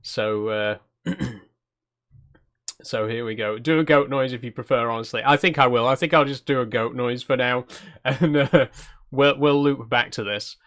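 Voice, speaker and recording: Male channel host, relaxed cozy-game commentary, self-conscious, chats with his viewers, mid-range voice. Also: mid-range voice, normal speed. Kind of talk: casual gameplay commentary.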